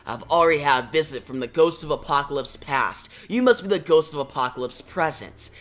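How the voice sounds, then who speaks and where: A man's voice: fairly high pitch, lively intonation, a little fast, a bit bright. A man reading as a sardonic occult detective. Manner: dry, sardonic. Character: cynical, secretive male occult detective.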